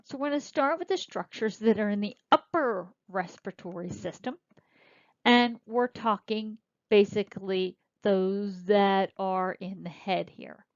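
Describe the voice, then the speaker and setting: A woman teaching a recorded lecture, explaining slowly and spelling out terms as she points. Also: medium pitch, no room sound. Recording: dull lo-fi dry recording.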